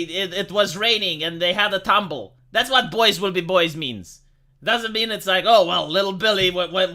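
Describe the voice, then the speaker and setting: A man's voice: sits high, bright, forceful tone. A man with a Romanian accent hosting a livestream, talking in a rambling, profane way with sarcastic asides and many restarts. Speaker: livestream host. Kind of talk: casual livestream commentary.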